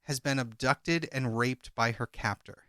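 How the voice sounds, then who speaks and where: A man co-hosting a podcast, retelling a crime case and reading call transcripts aloud in a measured way. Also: mid-range voice, sharp tone, dry recording, studio quality. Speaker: podcast co-host. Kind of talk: casual true-crime podcast chat.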